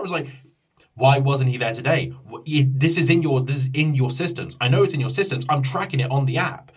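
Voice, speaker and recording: Far from the mic, a man with a mid-range, breathy-edged voice talks a little fast in a casual vlog rant, telling a frustrating story about his ordeal. Exasperated, he swears, stumbles and restarts often, and slips into quoted voices.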